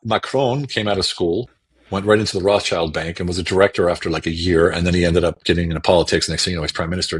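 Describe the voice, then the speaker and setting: A man's voice: deep voice, slightly rough. A man talking as a podcast guest on a remote call, emphatic and repeating words for stress. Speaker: guest political commentator. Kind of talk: casual podcast talk.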